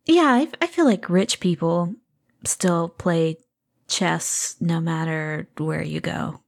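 A woman's voice: on the low side, gravelly. A woman hosting a tabletop game podcast as its game master, reading the intro and chatting playfully with the players. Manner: playful, quick asides. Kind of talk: podcast intro and casual chat.

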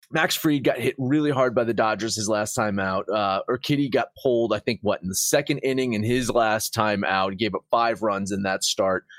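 A man hosting a sports betting show, talking in a casual, animated way with frequent swearing and emphatic outbursts. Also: medium pitch, dry recording, clean studio sound. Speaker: sports betting podcast host.

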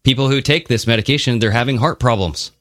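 A fast-talking man with a medium-pitched, fairly bright voice co-hosts a podcast, captured in a dry, studio-quality recording. Chatting casually and animatedly, he swears occasionally and mocks others using funny voices.

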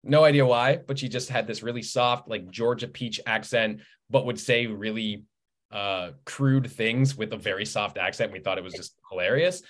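Animated man telling stories. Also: on the low side, moderate pace. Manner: animated storyteller, acts out quoted voices. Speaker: guest author. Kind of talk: casual conversational interview.

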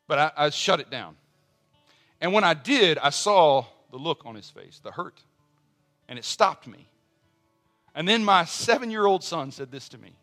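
A middle-aged man preaching a sermon as pastor, earnest, dropping to soft personal asides and rising to strong emphasis. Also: on the high side.

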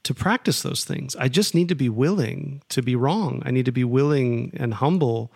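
A man in casual podcast conversation who reflects earnestly and works his thoughts out aloud. His voice has a gravelly fry in it, recorded dry and close. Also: medium pitch, expressive, moderate pace, a little mellow, no room sound. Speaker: podcast co-host. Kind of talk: casual chat.

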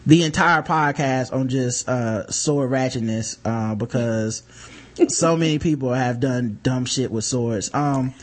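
A man's voice: mid-range voice, a little slow. A man hosting a podcast, reading news stories aloud in casual chat, joking and profane, laughing as he reads. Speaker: podcast host.

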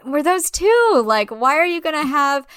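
High-voiced, sarcastic woman reviewing a film. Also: very animated, moderate pace, a bit bright, no room sound, studio quality. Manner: blunt, sarcastic, swears often. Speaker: podcast co-host. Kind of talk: casual film review chat.

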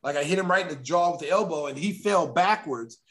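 A middle-aged man from Oklahoma telling a long anecdote in a casual interview, acting out the quotes with animated flair. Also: fairly high pitch, a little fast. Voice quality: animated storyteller who acts out quotes. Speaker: guest, former basketball player.

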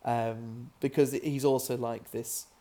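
British film guest, mid-pitched man, halting and amused. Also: flat delivery, mellow. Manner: halting, many restarts, amused. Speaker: filmmaker guest. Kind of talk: casual podcast interview.

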